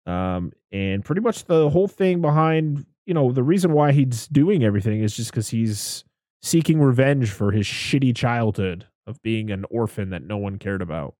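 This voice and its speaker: A man's voice: mid-range voice, lively intonation, normal speed, darkish tone, dry recording, clean studio sound. A man co-hosting a casual chat, retelling a film scene by scene in a rambling, profane, enthusiastic way. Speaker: podcast co-host recapping a film.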